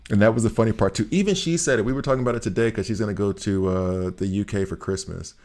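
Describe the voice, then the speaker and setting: A man's voice: on the low side, fast talker, darkish tone. A man streaming a video game, chatting casually and joking as he plays, rambling and often laughing. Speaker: gaming streamer. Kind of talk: casual gameplay commentary.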